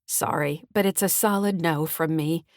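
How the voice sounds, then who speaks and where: A woman's voice: deep voice, moderate pace, no room sound, clean studio sound, lightly acted. A woman reading a chatty, earnest friend. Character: friendly small-town woman, escrow officer. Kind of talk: audiobook character reading.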